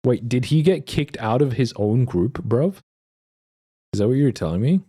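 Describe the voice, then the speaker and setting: A man's voice: medium pitch, animated, moderate pace, mellow, husky. A young man from Australia chatting loosely on a live stream, reading and answering viewer messages with a rambling, laughing manner. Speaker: livestreamer reading chat. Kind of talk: casual live-stream chat.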